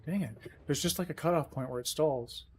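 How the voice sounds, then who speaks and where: Chatty man with a higher voice. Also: a little fast, darkish tone, a little hiss or hum. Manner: rambling, self-chiding, chatty. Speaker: game streamer. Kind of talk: casual live-stream commentary.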